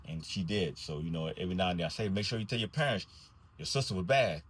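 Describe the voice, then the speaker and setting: A man with a low, husky voice spins a comic storytime about his days behind the wheel of a school bus. He drawls his lines with wry, deadpan timing. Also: fast.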